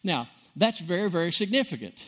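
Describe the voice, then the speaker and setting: High-voiced, animated preacher man. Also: a little fast. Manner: emphatic, repeats words for stress, dramatic swings in loudness. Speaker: pastor. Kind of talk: sermon.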